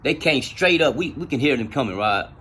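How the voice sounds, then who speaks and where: A man telling stories in casual, profane street slang, with an animated retelling style. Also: medium pitch, fairly quick, husky. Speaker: storyteller. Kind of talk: casual storytelling.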